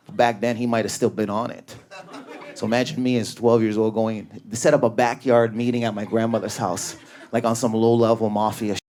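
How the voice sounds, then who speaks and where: A man performing stand-up comedy in a club, telling stories in an animated way and acting out his family members. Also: mid-range voice. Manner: animated storytelling, acts out family members, grows loud and excited.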